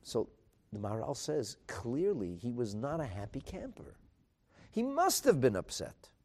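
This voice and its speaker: Animated man teaching a Talmud class. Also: mid-range voice, a little slow. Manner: animated, emphatic, rhetorical questions; mixes in Hebrew and Aramaic terms.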